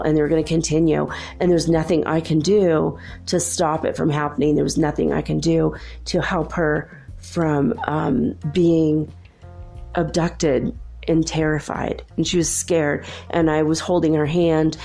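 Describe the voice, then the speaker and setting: A woman's voice: sits low, creaky, mellow. A woman hosting her own channel, telling a personal story in a casual, rambling way, correcting herself often and confiding earnestly. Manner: rambling, self-correcting, many fillers. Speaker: channel host.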